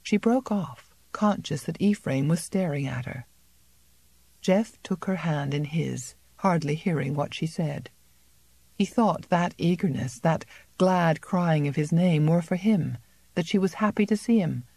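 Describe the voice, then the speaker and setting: A woman narrating an unabridged novel as an audiobook in a measured, even storytelling manner. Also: deep voice, creaky, slightly rough. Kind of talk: scripted narration.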